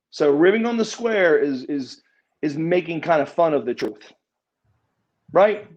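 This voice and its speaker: A man's voice: fairly high pitch, lively intonation, measured pace, pauses often, a little mellow, lo-fi sound. A man telling stories as a podcast interview guest, rambling, restarting his words and chuckling often. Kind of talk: casual storytelling in a podcast interview.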